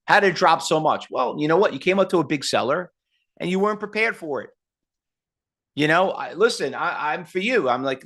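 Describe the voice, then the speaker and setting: A man's voice: a little high, expressive, moderate pace, pushed and bright. Blunt, salesy man in his fifties. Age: 50s. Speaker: trading instructor. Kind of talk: live online seminar talk.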